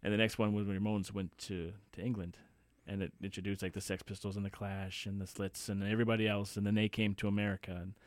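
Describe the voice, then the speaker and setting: Man radio host, fairly low voice, dry sound, relaxed chat between songs. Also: fast talker, few pauses, no echo.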